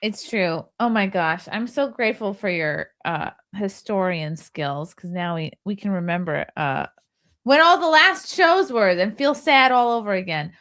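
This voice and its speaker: A woman hosting a podcast in casual panel chat, bubbly and teasing, quick to laugh. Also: medium pitch, expressive, fairly bright tone. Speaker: podcast host.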